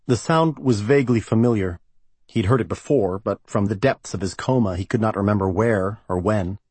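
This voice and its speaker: A man narrates an audiobook in a low, husky voice. His reading is even and measured, and the recording is close and dry with no room sound. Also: no echo. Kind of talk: scripted narration.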